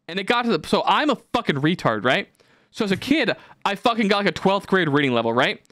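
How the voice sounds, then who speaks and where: A young man hosting a podcast, telling stories in a profane, ranting, animated way. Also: high-pitched, fast, no room sound, studio quality. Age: young adult. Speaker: podcast host. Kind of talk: casual podcast chat.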